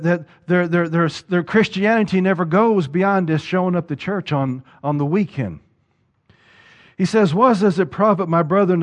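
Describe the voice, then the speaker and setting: Speaking at a fairly high pitch, a male pastor preaches to his congregation, posing rhetorical questions and repeating words to drive his point home.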